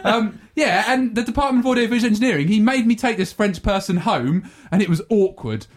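Quick, jokey young English man. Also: sits high, animated. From England. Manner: fast-talking, jokey, laughs often. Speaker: podcast host. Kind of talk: casual podcast banter.

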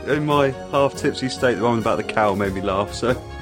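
A hungover man, a podcast guest, talking slowly and trailing off quietly. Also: mid-range voice, music in the background.

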